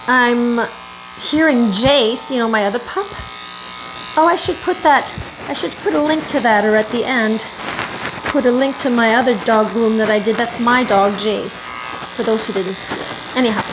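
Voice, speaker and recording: A woman's voice: on the high side, noisy background. A woman dog groomer telling a long story in a rambling, self-correcting way while she works in her home grooming room, stopping now and then to soothe the dog. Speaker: dog groomer and video host.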